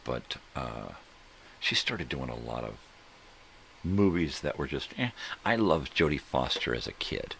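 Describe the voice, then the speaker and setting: A middle-aged man rambles slowly through casual morning talk, tossing in jokes and curses. His voice sits extremely deep and gravelly. It still carries a bright, forward edge. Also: big pitch swings, a little hiss or hum. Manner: rambling, joking, profane, trails off searching for names. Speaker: host. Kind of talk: casual solo livestream chat.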